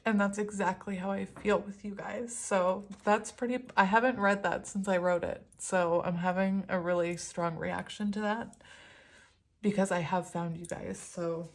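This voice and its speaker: A woman's voice: mid-range voice, fairly even intonation, moderate pace. A woman doing a casual spiritual tarot reading, chatty and rambling, laughing often as she talks. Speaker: tarot reader.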